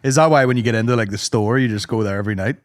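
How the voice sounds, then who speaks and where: A man's voice: lowish voice, racing. A young man, co-hosting a podcast, who swears a lot and mimics his friends in casual chat. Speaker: podcast co-host.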